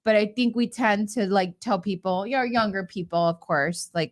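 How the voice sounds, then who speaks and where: A woman's voice: medium pitch, animated, moderate pace. Chatty woman giving candid advice. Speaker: co-host. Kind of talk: casual live chat.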